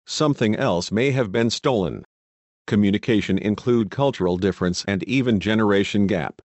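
A man reading a lesson aloud in a steady, measured way. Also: fairly low pitch, no room sound. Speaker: teacher.

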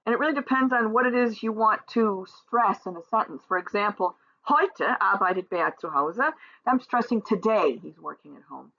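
A woman teaching a German lesson, explaining in English and reading the German example sentences slowly and clearly. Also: mid-range voice, fairly bright tone, dull audio. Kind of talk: recorded language lesson.

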